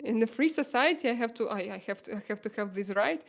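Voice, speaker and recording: A woman in her thirties from Russia, speaking English with a Russian accent as a livestream host, emotional and pleading, halting often to find words. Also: on the high side, lively intonation. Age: 30s. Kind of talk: casual livestream chat.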